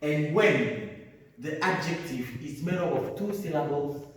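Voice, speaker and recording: Slow, deliberate man teaching grammar. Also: fairly high pitch, a little hiss or hum. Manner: slow, drawn-out, repeats each word for drilling. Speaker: English teacher. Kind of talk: classroom grammar lesson on TV. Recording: echoey room, mic far off.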